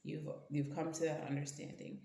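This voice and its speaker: Brief: woman tarot reader, lowish gravelly voice, blunt slangy delivery, roomy echo. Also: flat delivery, moderate pace, mellow, slight background noise. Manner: blunt, slangy and profane, talks to the cards. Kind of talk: casual tarot reading.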